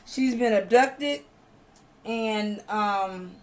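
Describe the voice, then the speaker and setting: A woman's voice: medium pitch, extremely slow, a little mellow. A woman from the American South recapping a TV episode in a chatty, emphatic way, with frequent fillers and slang. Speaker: TV show reviewer. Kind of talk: casual spoken recap.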